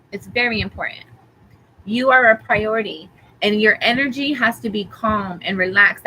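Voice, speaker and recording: A woman giving a tarot reading, calmly reassuring the listener with affirmations and rambling a little as she talks. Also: on the high side, slight background noise, poor audio. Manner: rambling, with fillers and restarts. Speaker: tarot reader. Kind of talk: live tarot reading for a viewer.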